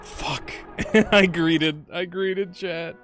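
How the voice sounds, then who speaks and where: A young man streaming a game, telling a story in a casual, animated way, swearing freely, laughing often and jumping higher when excited. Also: extremely slow, soft background music. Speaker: gaming streamer. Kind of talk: casual live-stream chat.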